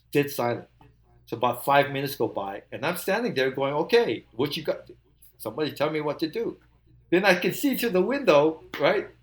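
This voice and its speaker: An older man, a musician guest, telling an animated story, laughing often and acting out the quotes. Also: medium pitch.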